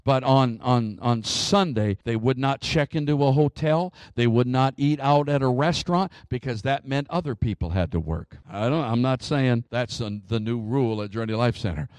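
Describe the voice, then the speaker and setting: Lively, animated male pastor preaching. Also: mid-range voice, moderate pace, hardly any pauses, clean tone, no echo. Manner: animated preaching with frequent restarts and chuckles. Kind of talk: sermon.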